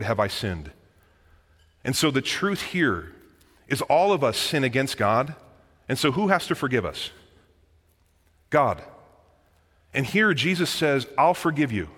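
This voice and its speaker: A man preaching a sermon as pastor, in a lively, conversational manner that often addresses the listeners as guys. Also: mid-range voice. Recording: long reverb of a large hall.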